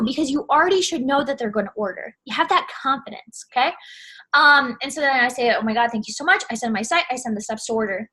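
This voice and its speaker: A woman's voice: high voice, quick pace, pushed and bright, breathy edge. A young woman casually giving sales advice in a chatty vlog, full of "like" and "you know what I'm saying". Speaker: network marketing seller.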